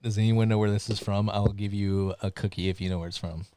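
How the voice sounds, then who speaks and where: A man co-hosting a live podcast in casual chat, joking and animated, swearing freely. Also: on the low side, quick pace, clear, resonant tone. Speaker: podcast co-host.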